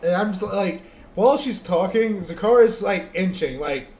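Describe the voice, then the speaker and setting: A man's voice: sits high, animated, moderate pace, a little mellow. A man playing in a tabletop role-play game, chatting playfully and laughing. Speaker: player. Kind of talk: casual chat during a tabletop game.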